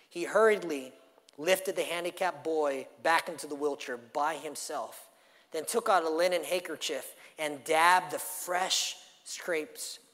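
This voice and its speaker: A pastor delivering a sermon, telling a story and swinging from loud emphatic phrases to hushed lines. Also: male voice, a little high. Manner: dynamic preaching, storytelling with acted quotes, swings from loud to hushed. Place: church sanctuary. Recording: long hall reverb.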